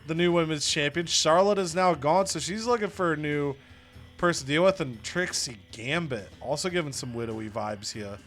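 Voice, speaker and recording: Bright excitable man recapping wrestling games. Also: fairly high pitch, moderate pace, faint music behind. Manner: excitable, recapping results with bursts of loud laughter. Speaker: host. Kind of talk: casual gaming commentary.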